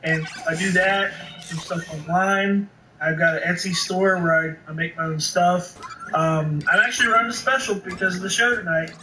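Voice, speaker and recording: A man's voice: sits high, steady tone, moderate pace, pushed and bright. A man guest on a podcast, chatting casually and hesitantly, often restarting his sentences. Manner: hesitant, rambling with many restarts. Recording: echoey room, distant noisy mic.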